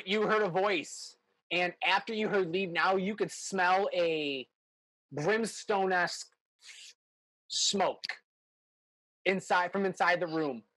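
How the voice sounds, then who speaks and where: A man running a tabletop game as game master, narrating in a relaxed, halting way. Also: sits high, no echo, poor audio. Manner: relaxed, hesitant narration with fillers.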